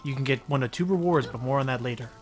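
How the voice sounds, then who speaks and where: A man's voice: medium pitch, very fast, faint music behind. A man co-commenting on a game with friends, eager and curious, often stumbling over his words.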